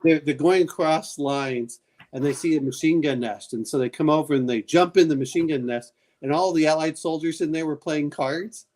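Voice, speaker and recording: A man chatting casually and telling a long family story, halting often with fillers. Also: a little high, darkish tone. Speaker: game master. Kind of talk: casual chat.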